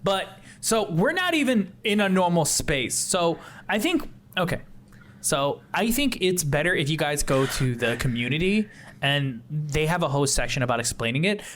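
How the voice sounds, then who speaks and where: Man doing frazzled young plant-shop worker, rambling, flustered, slightly high voice, tabletop role-play. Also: big pitch swings, normal speed, fairly bright tone, a little hiss or hum. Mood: earnest. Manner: rambling, flustered, talks in bursts with exclamations.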